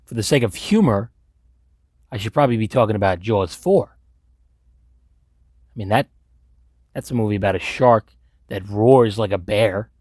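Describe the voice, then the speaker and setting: A man's voice: fairly low pitch, expressive, moderate pace, pauses often, darkish tone. Blunt, swearing man from Long Island. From Long Island, New York. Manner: blunt, sarcastic, swears freely. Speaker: movie commentator. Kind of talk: profane movie recap commentary.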